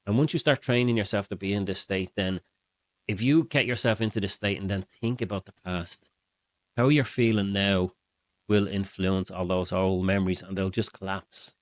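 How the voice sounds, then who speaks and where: Male mindset coach, middle-aged, very low voice, dry close sound, calm steady explaining. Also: normal speed, no echo. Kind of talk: explaining to camera.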